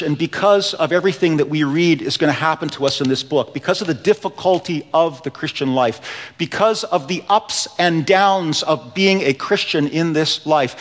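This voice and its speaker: A man preaching a sermon in a church, telling stories earnestly, dropping to a hush and then building with emphasis. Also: on the high side. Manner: earnest storytelling preacher, swings between hushed and rising emphasis. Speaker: pastor. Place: church sanctuary. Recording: long reverb of a large hall.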